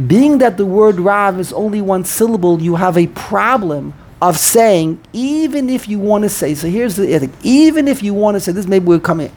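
Self-correcting man teaching Hebrew accents. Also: high-pitched. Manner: repeats words, self-correcting, drawn-out chanted pronunciations. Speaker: Torah teacher. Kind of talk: Hebrew grammar lesson.

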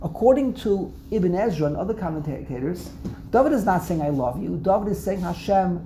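A woman's voice: fairly low pitch, animated, brisk, noisy background. A woman teaching a Torah text class, explaining word by word, repeating herself and acting out the verses she quotes.

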